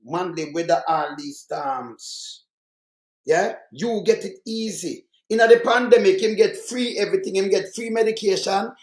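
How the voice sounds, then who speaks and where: A man's voice: high voice, measured pace, a little mellow, reverberant. A Jamaican man giving heated political commentary, fiery and mocking, repeating himself for emphasis.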